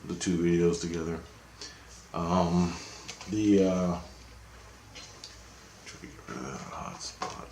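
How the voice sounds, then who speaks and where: A man's voice: low voice, animated, slow, vocal fry, long pauses, warm tone, slight background noise. Rambling man in an echoey room. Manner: rambling, swears, repeats himself. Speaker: spiritual vlogger. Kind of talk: casual spiritual monologue. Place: apartment, indoors.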